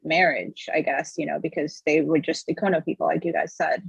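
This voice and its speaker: This woman has a husky, slightly breathy voice, recorded dry and close with no room sound. She chats on a podcast, adding thoughtful points with hesitant restarts and "you know". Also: deep voice, steady tone, a little fast, no echo, lo-fi sound. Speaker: podcast co-host. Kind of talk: casual chat about a TV episode.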